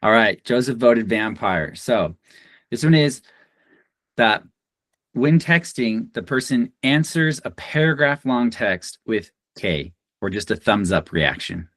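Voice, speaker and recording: A man hosting a casual panel chat over a video call, briskly moving the group through the list. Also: mid-range voice, very animated, a bit bright, dry recording. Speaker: podcast host.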